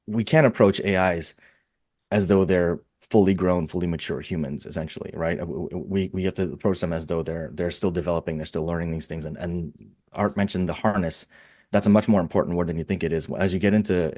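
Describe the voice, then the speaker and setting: A man's voice: deep voice, a little mellow, dry recording, studio quality. A man speaking on a webinar panel in a rambling, enthusiastic way, often repeating words as he thinks aloud, heard over a video call. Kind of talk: casual webinar panel talk.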